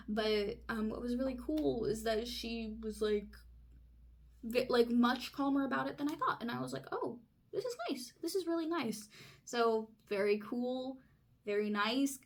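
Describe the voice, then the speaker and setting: A young woman from California telling a personal story in an excitable, chatty way, full of fillers. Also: a little high. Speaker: vlogger. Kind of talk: casual chat.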